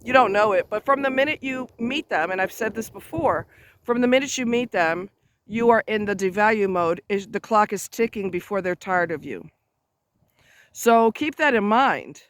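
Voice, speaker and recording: A man's voice: high-pitched, expressive, moderate pace, fairly bright tone. A man talking straight to camera outdoors near a road, giving advice in an emphatic, blunt, chatty way with offhand asides. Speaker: advice vlogger. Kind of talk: casual advice monologue.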